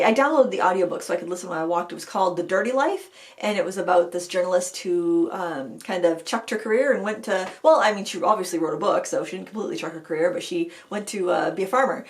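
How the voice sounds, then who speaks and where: Chatty woman host telling stories. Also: medium pitch. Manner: chatty storytelling with many fillers and restarts. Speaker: host of an art channel live chat. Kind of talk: casual live chat.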